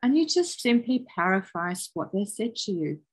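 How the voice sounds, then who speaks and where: A middle-aged woman giving a parenting webinar over a video call, calm and encouraging, explaining with everyday examples. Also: mid-range voice, moderate pace, breathy edge, low-quality recording. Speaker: parenting workshop presenter. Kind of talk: webinar presentation.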